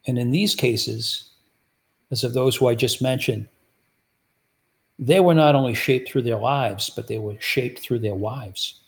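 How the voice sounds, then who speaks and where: A man's voice: mid-range voice, unhurried, long pauses. A man preaching a sermon, teaching through rhetorical questions he puts to his listeners. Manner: rhetorical, repeatedly asks the audience "guess what".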